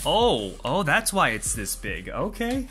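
A man casually talking through a toy unboxing, excitable and gushing, often laughing and exclaiming. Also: medium pitch, measured pace, background noise.

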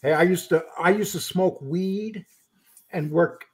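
A man hosting a live online chat, joking, laughing easily and telling rough stories. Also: high-pitched, a little slow. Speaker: live stream host. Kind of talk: casual chat.

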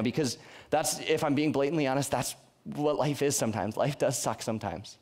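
A young man gives a youth sermon in a plain, mid-pitched voice. He talks earnestly and conversationally, often doubling back on his words as he works through a point. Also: a little fast, a little mellow. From Colorado. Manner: earnest, conversational preaching with frequent restarts. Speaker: youth pastor. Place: church youth service.

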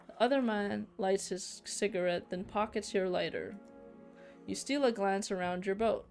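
A woman's voice: medium pitch, steady tone, normal speed, darkish tone, soft background music. A woman playing a story game, reading its narration aloud and breaking off into candid reactions. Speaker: let's play gamer. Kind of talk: reading game text aloud with casual commentary.

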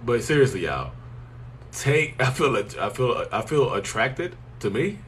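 A man's voice: mid-range voice, sing-song, a little slow, a bit bright, slight background noise. A man hosting a casual live stream, answering viewers bluntly and joking with them. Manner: blunt, joking, teasing, colloquial, talks straight to viewers as "y'all".

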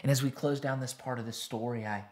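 A male pastor preaches in an earnest, husky voice that often sinks to a hushed near-whisper. His pitch sits in the middle range for a man. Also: steady tone, fast talker. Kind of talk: sermon retelling a Bible story.

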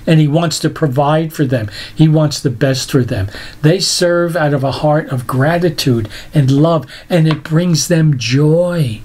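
A man's voice: fairly high pitch, a little slow, few pauses, a little mellow. An older man preaching a sermon, telling stories with laughs and emphatic repeats. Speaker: pastor.

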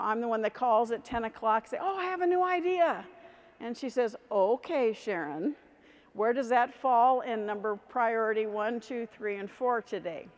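A middle-aged woman giving a motivational conference talk, speaking straight to the audience and leading them in exercises. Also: mid-range voice. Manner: energetic, addresses the audience directly and leads them in exercises. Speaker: keynote speaker. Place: large conference hall. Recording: long hall reverb.

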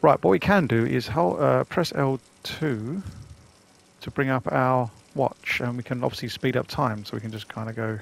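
A man's voice: medium pitch, moderate pace, creaky. A man casually commenting on a video game he is playing for the first time, chatty and rambling. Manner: chatty, rambling, self-deprecating. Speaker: gaming channel host.

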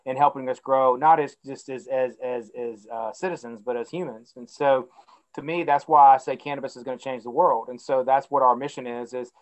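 Man calmly explaining as an interview guest. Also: mid-range voice, a little fast, poor audio. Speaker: guest, company CEO. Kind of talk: casual interview chat.

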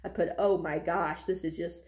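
A woman's voice: fairly low pitch, fairly even intonation, moderate pace, a little mellow. A young woman casually reading passages aloud from a book and chatting about them, breaking into giggles often. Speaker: book vlogger.

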